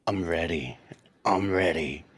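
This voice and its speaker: A man co-hosting a trading live stream, ranting brashly and swearing freely as he pitches to viewers. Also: takes it slowly, a bit bright, husky, no echo, studio quality. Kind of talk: casual live-stream chat.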